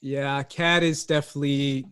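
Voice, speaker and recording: A man's voice: medium pitch, fairly even intonation, normal speed, a bit bright, clean tone. A man co-hosting a casual chat, upbeat and laughing often. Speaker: co-host.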